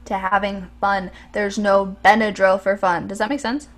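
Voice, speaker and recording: A woman's voice: mid-range voice, level tone, moderate pace, noisy background. A young woman co-hosting a podcast, chatting casually and enthusiastically with frequent ums. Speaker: podcast co-host. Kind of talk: casual chat.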